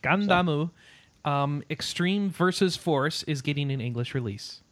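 A man's voice: a little high, expressive, moderate pace, a bit bright, a little hiss or hum. Playful rambling male podcast host. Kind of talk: casual podcast chat.

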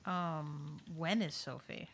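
A woman's voice: low voice, fairly even intonation, takes it slowly, fairly bright tone, husky. A woman co-hosting a casual gaming podcast, who talks in an enthusiastic, teasing way. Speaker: podcast co-host.

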